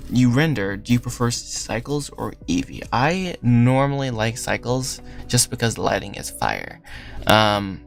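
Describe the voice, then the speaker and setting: A man's voice: medium pitch, big pitch swings, measured pace, vocal fry. A young man hosting a casual livestream, talking loosely while he works, rambling, trailing off and laughing often. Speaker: livestream host. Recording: faint lofi music behind.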